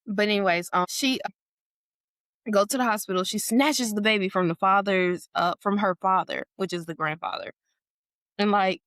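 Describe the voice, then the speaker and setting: A woman's voice: normal speed, no echo. Woman podcast co-host, casual storytelling, lots of "like", dead dry sound. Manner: animated storytelling, acts out quotes in a high voice; heavy use of "like" and "or whatever".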